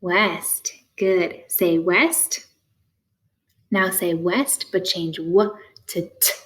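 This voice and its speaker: A woman leads a phonics lesson at an unhurried, deliberate pace. Her voice sits a little low and she speaks in clear, encouraging prompts. She leaves gaps for the listener to answer. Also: fairly even intonation, fairly bright tone. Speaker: teacher. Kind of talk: phonics lesson for young learners.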